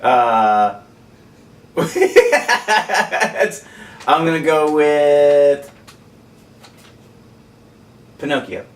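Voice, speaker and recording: A man co-hosting a casual movie podcast, playful and jokey, with halting restarts. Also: fairly high pitch, big pitch swings. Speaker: podcast co-host. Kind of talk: casual chat. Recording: roomy sound, distant mic, faint room noise.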